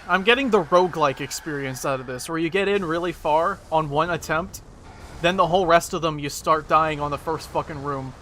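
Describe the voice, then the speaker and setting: A man's voice: on the high side, fairly quick, bright, forceful tone, slight background noise. A man streaming a game, chatting casually, swearing and putting himself down as he plays. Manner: self-deprecating, swears a lot, frustrated outbursts. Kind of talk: casual gameplay commentary.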